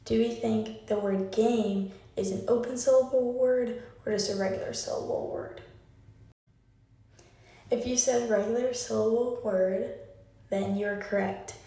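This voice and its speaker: A woman's voice: on the high side, steady tone, measured pace, dark tone. Echoey, distant woman teaching phonics. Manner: patient, asks the listener questions and leads clap-along drills. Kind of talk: recorded phonics lesson. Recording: very echoey room, voice far from the mic.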